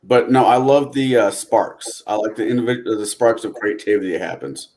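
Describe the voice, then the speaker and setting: A man's voice: lowish voice, moderate pace, a little mellow. A man chatting casually on a tabletop gaming podcast, talking in a rambling, reflective way. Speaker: podcast co-host.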